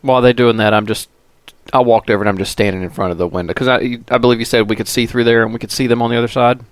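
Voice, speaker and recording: A man playing a tabletop roleplaying game, halting and correcting himself as he speaks, and laughing easily. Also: mid-range voice, steady tone, no room sound. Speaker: player. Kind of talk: tabletop game play, in and out of character.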